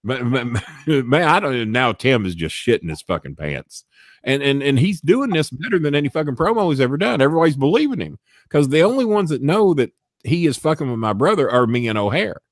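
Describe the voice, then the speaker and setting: A storyteller guest tells a profane backstage story in casual conversation, voicing the people he quotes in shifting voices and swearing often. His medium-pitched voice has a sing-song lilt and moves fairly quickly. The sound is clean studio audio with no room sound.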